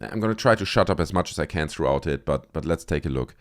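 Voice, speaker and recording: A man's voice: a bass voice, expressive, fast. A man from Germany hosting a video channel, giving joking, sarcastic commentary on viral clips. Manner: joking, sarcastic, laughs at footage. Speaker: YouTube host reacting to viral clips. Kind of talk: casual commentary.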